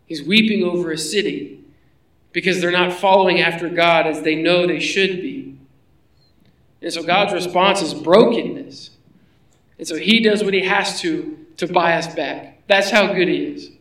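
A man's voice: high voice, a little slow, fairly bright tone, echoey room, recorded from a distance, rough recording. A man preaching a sermon in a conversational way, asking his listeners rhetorical questions. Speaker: pastor.

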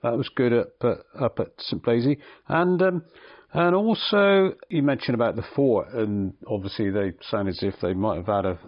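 A man's voice: mid-range voice, normal speed. Radio host guy, casual chat, nudges his guest along, bit muffled. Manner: brief, prompting interjections. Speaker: radio presenter. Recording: slightly dull radio audio.

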